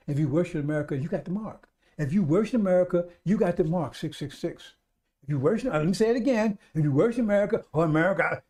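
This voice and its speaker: A man with a high, slightly mellow voice preaches on a live radio stream. He urges his listeners over and over, calling them brothers and sisters in an urgent, repetitive sermon.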